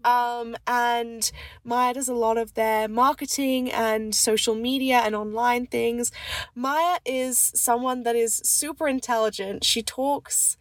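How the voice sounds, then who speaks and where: Woman podcast host, congested, enthusiastic, higher voice, dry close sound. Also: steady tone, slow pace, no echo. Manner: warm, enthusiastic, frequent "um" fillers. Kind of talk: casual interview chat.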